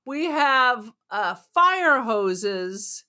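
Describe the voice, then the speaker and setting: A woman with a bright, slightly high voice, chatting casually as a podcast co-host. She jokes, teases and pokes holes in the story. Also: big pitch swings. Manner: joking, skeptical, quick to tease. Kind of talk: casual chat about a horror film.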